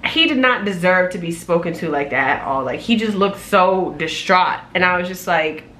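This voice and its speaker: Vlogger type: young woman, lowish voice, sassy animated storytime, faint hiss on the camera mic. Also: moderate pace. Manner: animated, sassy, loud laughs, exclaiming. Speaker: flight attendant vlogger. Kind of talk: casual storytime vlog.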